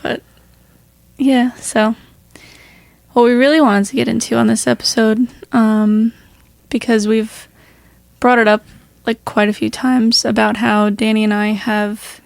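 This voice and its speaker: A woman co-hosting a casual podcast, a little hoarse, chatty and laughing often as she rambles through stories. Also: a little high, little pitch movement, a little slow, no echo. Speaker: podcast co-host. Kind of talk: casual chat.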